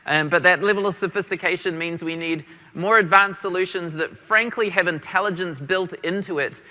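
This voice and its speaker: Bright New Zealand man presenting. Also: fairly high pitch, in a large hall. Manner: energetic, quick, self-deprecating. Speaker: conference presenter. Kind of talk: tech conference talk. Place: large conference hall.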